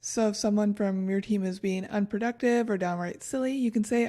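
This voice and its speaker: A woman's voice: mid-range voice, fairly even intonation, fairly quick, warm tone. A woman co-hosting a podcast, reading her research notes in casual chat and laughing at her own stumbles. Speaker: podcast co-host.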